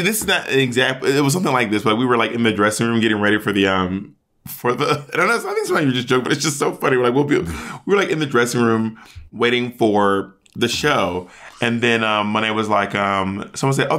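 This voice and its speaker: A man's voice: mid-range voice, sing-song, fast talker, fairly bright tone. A man co-hosting a podcast, chatting casually and explaining things earnestly. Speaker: podcast co-host. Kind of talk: casual chat.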